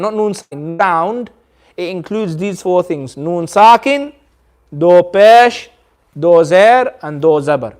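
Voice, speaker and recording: A man's voice: high-pitched, a little mellow. A man teaching a Quran recitation class in a community centre, patiently quizzing his students and modelling the sounds aloud. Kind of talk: classroom lesson.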